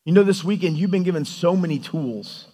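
A man preaching a sermon, animated and storytelling, often acting out quoted lines. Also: sits high, a little fast. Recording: hall reverb.

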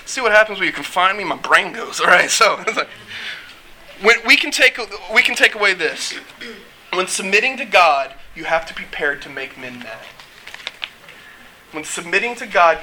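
A man preaching a casual, joking sermon, acting out quotes with lively energy. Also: fairly high pitch, a little hiss or hum, low-quality recording. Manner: animated, joking, acts out quotes.

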